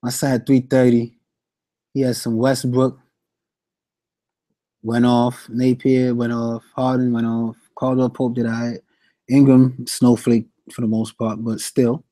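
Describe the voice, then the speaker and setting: A young man with a warm, mellow voice and a slangy, animated way of talking, chatting casually on a fantasy sports stream. His voice sits close and dry, with little room sound around it. He keeps giving shout-outs as he reads the chat. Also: mid-range voice, a little slow, dry recording.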